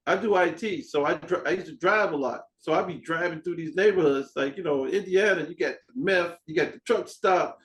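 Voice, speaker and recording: A man hosting a podcast in casual chat, an animated storyteller who acts out dialogue and swears freely. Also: on the high side, brisk, hardly any pauses, rough recording. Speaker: podcast host.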